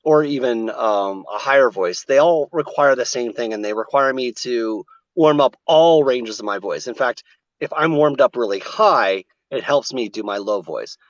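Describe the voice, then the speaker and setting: A man's voice: medium pitch, expressive, normal speed, no room sound. Male voice actor, explanatory interview talk, dull remote audio. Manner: explanatory, demonstrates vocal technique.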